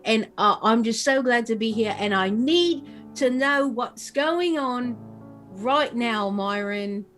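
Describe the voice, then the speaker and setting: A woman's voice: on the high side, slow, a bit bright, faint music behind. A woman voicing a rowdy, overfamiliar grown man at a pub, crude and effusive. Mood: gushing.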